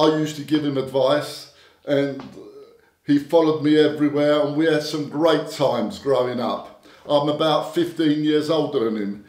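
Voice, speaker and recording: A man's voice: on the high side, darkish tone. Ex-doorman telling old stories. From Britain. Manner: anecdotal, repeats words, slips into quoted dialogue. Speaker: interview guest, former doorman. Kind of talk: casual storytelling interview. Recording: echoey room.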